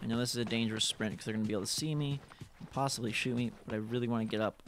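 A young man giving chatty, excitable live commentary while playing a multiplayer game. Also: medium pitch, rapid-fire, noisy background. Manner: excitable, chatty, reacts loudly to the action. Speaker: gaming YouTuber.

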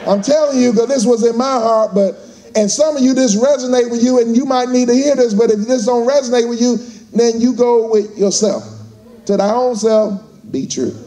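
A man with a very high, dark-toned voice delivers a fired-up motivational speech to a live audience at a moderate pace. He's a motivational speaker who uses call-and-response and acts out different voices.

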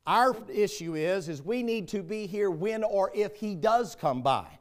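A man's voice: high voice, expressive, measured pace. A man with a Southern US accent preaching a sermon as pastor, in a folksy, joking storytelling manner.

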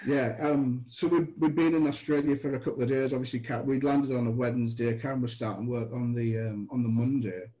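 A man guest on a podcast, telling stories with lively acted-out dialogue. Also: mid-range voice, a little fast, hardly any pauses, rough recording. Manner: animated storyteller, acts out dialogue. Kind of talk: anecdotal storytelling.

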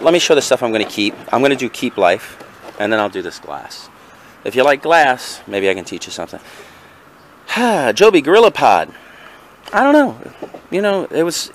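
A man's voice: medium pitch, slight background noise. A chatty man showing off his thrift finds in a casual vlog. His voice swings up and down as he rambles from one item to the next. He talks straight to the viewer and corrects himself as he goes.

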